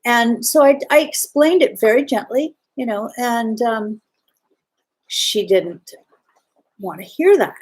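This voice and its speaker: Gentle reflective woman telling a story. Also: a little high, animated, slow pace, breathy edge, low-quality recording. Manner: gentle, reflective, many fillers. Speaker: podcast host. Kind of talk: personal storytelling.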